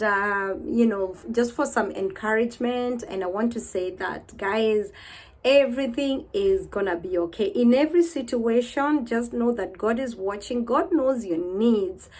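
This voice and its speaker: A woman in her thirties vlogging to camera in a casual, heartfelt way, weary and low, repeating herself as she talks of faith.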